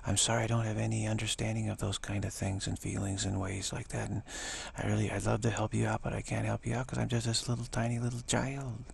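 A man voicing a meek saintly woman who plays a helpless little girl, apologetic and halting. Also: fairly low pitch, flat delivery, gravelly, breathy edge, full character voice.

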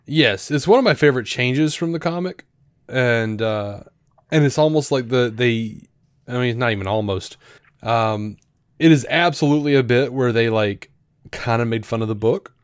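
A man's voice: medium pitch, moderate pace, clear, resonant tone, no echo, clean studio sound. Rambling man in casual podcast chat. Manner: rambling, animated, many fillers and restarts. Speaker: podcast co-host.

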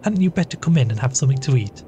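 A man voicing a sweet, shy young woman who speaks softly and persuasively. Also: medium pitch, expressive, racing, slight background noise, natural voice. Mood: gentle.

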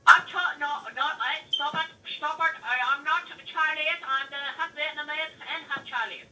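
A woman's voice: sits high, moderate pace. A woman trolling someone in online game chat, rambling and mock-serious with lots of fillers. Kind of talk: casual trolling banter. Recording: distant noisy voice chat.

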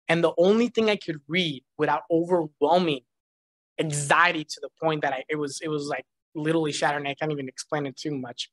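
Man, church testimony, animated storyteller who laughs often, dry close recording. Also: on the high side, no echo. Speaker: church member giving a testimony.

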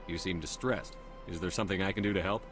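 Actor as a composed male soldier-commander, low voice, brisk, faint music behind. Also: close to an everyday voice. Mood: calm. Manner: calm, direct questions.

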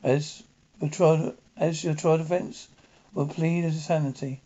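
A man playing a calm, firm doctor who reasons with a killer in measured words. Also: fairly high pitch. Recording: dull lo-fi recording.

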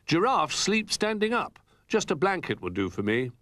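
A man voicing a gentle, cheerful young male toy giraffe in a storybook reading. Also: mid-range voice, sing-song, measured pace.

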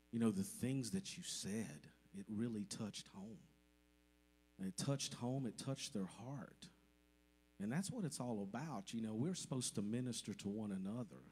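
A man's voice: mid-range voice, darkish tone, husky. A man giving an emotional, grateful testimony to his church congregation during a service. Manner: emotional, grateful, speaks from the heart. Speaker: church member addressing the congregation.

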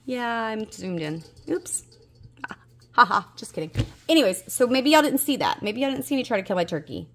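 A woman's voice: on the high side, very animated, fairly quick, a little hiss or hum. A woman, a budgeting vlogger chatting casually to viewers, coaxing and scolding her dice, a little unwell and tired. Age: 30s. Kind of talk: casual chat to viewers while rolling dice.

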